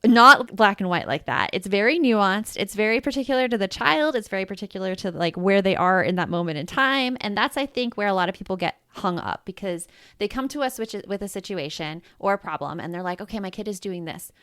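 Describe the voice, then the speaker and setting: Smooth-voiced woman chatting about parenting. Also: medium pitch, lively intonation, fairly quick, dry recording, clean studio sound. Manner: chatty, storytelling, soft when describing soothing. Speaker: podcast co-host. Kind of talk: casual parenting chat.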